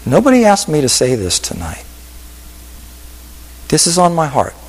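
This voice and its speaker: A male pastor preaching a sermon with an altar call, telling stories in a voice that drops to hushed whispers and rises to emphatic peaks. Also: on the high side, wildly swooping pitch, moderate pace, in a large hall, low-quality recording.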